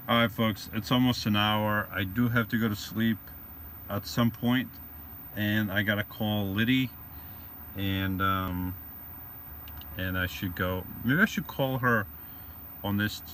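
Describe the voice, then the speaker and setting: Man, vlogger host, rambling and joking, tense bright tone, faint vehicle noise. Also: on the low side. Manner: rambling and joking, greets viewers by name. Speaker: livestream host reading viewer comments. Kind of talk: casual live-stream chat. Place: van or vehicle.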